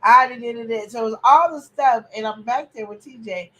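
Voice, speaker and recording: Animated opinionated woman, casual chat. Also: on the high side, moderate pace, poor audio. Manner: animated, opinionated, preachy outbursts. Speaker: podcast host.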